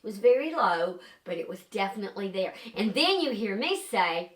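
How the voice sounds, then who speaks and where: A woman's voice: medium pitch, moderate pace. Older lady investigator telling a story, chatty, lots of ums, echoey room. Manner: chatty, lively storyteller with many fillers. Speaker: paranormal investigator. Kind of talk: casual storytelling to camera.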